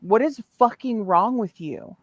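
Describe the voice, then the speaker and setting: A woman's voice: medium pitch, animated, a little slow, no echo, highs cut off. Furious, swearing woman on a livestream. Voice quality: furious, heavily profane. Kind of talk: heated livestream callout.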